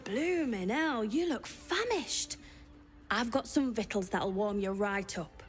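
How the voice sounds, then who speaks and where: A woman's voice: on the high side, animated, slow, faint music behind. A woman voicing a homely innkeeper cook in a fantasy video game. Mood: hearty.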